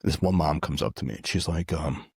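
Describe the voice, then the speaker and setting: Male guest, very low voice, earnest, filler-heavy, dry close mic. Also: a little fast, gravelly, breathy edge, no echo. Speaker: podcast guest. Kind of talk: casual conversation.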